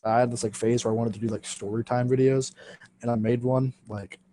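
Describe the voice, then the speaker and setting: A man's voice: mid-range voice, fairly even intonation, fairly quick, dark tone, a little hiss or hum. A young man hosting a podcast, casually telling a school story with lots of fillers, swearing and laughter. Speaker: podcast host.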